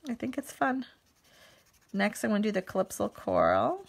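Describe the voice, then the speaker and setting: A woman's voice: mid-range voice, wildly swooping pitch, normal speed, creaky. Chatty, giggly woman crafting live. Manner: chatty, giggly, reads and answers live comments. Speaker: card-making demonstrator.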